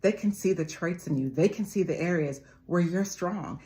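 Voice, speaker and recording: A woman's voice: fairly low pitch, normal speed, warm tone. A woman in her forties giving a motivational talk, preaching with repeated phrases and calling her listeners family. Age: 40s. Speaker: motivational speaker.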